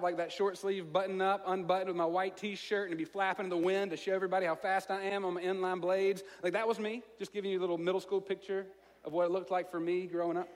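A man with a Southern American accent preaching a sermon in a conversational, self-mocking way, telling a story with lively asides. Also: sits high. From Alabama, US. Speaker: pastor. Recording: long reverb of a large hall.

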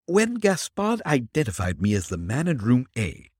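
A man's voice: mid-range voice, huge pitch swings, normal speed, darkish tone, slightly rough, no echo, clean studio sound, pitched above the performer's own voice. A man voicing a frightened male witness confessing his story in an audiobook. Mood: confessional.

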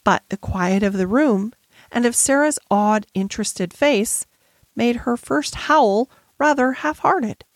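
A woman narrating a classic children's novel as an audiobook in a measured, gentle storytelling manner. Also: a little high, no echo. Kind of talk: scripted narration.

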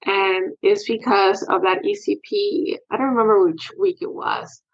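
A woman's voice: mid-range voice, unhurried, dull audio. A woman guest talking earnestly and emotionally about her experience as a sports parent in a candid interview.

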